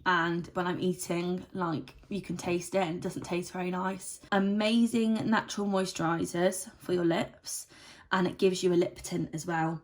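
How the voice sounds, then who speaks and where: A woman's voice: lowish voice, steady tone, moderate pace. A young woman giving a casual beauty product review, chatty and rambling with lots of "like" fillers. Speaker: beauty vlogger.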